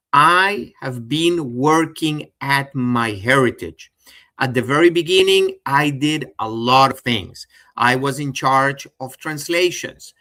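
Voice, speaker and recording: A man's voice: medium pitch, pushed and bright. A middle-aged man with a Venezuelan Spanish accent giving a chatty, enthusiastic live webinar presentation and speaking straight to his viewers. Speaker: genealogy presenter.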